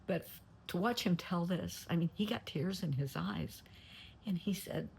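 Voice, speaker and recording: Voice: medium pitch, vocal fry, darkish tone, slight background noise. A therapist retelling a client's story, getting emotional and dropping to a near whisper at times. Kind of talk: telling a story.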